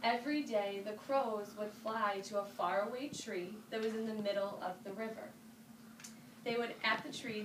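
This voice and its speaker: A woman telling a folk tale to children, animated and inviting her listeners to join in. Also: mid-range voice, moderate pace. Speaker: storyteller. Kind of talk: interactive storytelling for children. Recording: roomy, distant mic with ambient noise.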